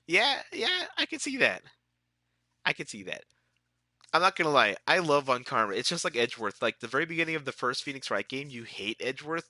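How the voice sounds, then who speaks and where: A man's voice: medium pitch, pushed and bright, dry recording, clean studio sound. A man with a stuffy, sick-sounding nose chatting casually with his viewers while streaming a game, laid-back and laughing often. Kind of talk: casual live-stream chat.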